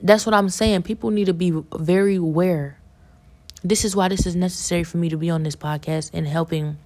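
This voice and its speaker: A woman's voice: on the low side, vocal fry, a little mellow. A woman giving a fervent, preachy religious testimony as a podcast guest, repeating herself as she urges listeners.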